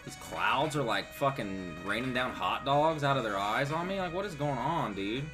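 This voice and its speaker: A man's voice: medium pitch, lively intonation, normal speed. Profane, rambling man streaming games. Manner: rambling, profane, laid-back. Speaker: game streamer. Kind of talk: casual live-stream chat. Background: game music.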